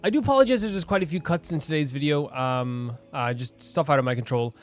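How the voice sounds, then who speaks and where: A gaming streamer giving casual commentary over gameplay, with a voice in the middle range. The delivery is excitable and gushing, and keeps running over what is happening in the game. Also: medium pitch, fast talker.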